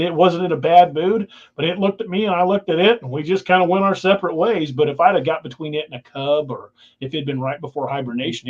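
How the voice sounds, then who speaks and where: A man telling outdoor stories as a guest, rambling and repeating words. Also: a little high. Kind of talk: casual storytelling. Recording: dull lo-fi sound.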